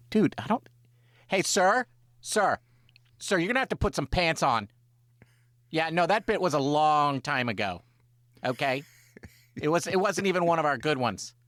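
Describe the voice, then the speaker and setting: A man's voice: on the high side, a bit bright, dry recording, clean studio sound. A man co-hosting a comedic sports podcast, bantering with exasperated, rambling reactions. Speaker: podcast co-host.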